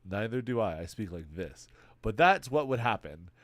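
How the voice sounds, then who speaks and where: A man's voice: on the low side, sing-song, moderate pace, no room sound. A young man from Texas with a stuffy nose, chatting casually on a livestream, rambling, swearing and laughing often. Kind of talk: casual stream chat.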